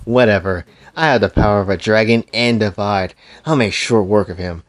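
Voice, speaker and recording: A man's voice: lowish voice, normal speed, close to an everyday voice. A man voicing an arrogant, boastful young anime rival who sneers and threatens. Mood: arrogant, threatening.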